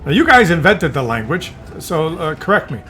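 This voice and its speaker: A man's voice: fairly high pitch, sing-song, normal speed, pushed and bright, soft background music. Rambling, joking male game commentator. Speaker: gaming commentator. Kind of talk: casual gameplay commentary.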